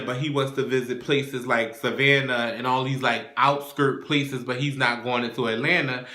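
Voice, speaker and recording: In an echoey room, a man hosts a casual TV episode recap, swearing and acting out the characters' lines as he retells scenes. His voice is medium-pitched, pushed, and bright, with fairly even intonation and normal speed.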